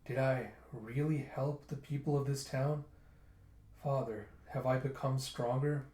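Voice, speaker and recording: A man reading as a gentle young princess. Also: mid-range voice, steady tone, measured pace, lightly acted. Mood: wistful. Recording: roomy echo.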